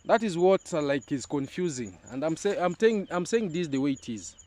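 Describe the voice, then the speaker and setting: A man's voice: a little high, expressive, moderate pace, darkish tone. A young Kenyan man with a Kenyan accent, giving casual commentary on a YouTube channel, repeating his points with emphasis and asking "huh?" as he goes.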